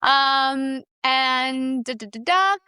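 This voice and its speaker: A woman's voice: high-pitched, very slow, smooth, no echo, studio quality. A woman from Mexico City with a Mexican accent, a native Spanish speaker, talking animatedly as a guest in a casual podcast interview. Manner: animated, switches into Spanish and trails off searching for words. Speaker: guest actress.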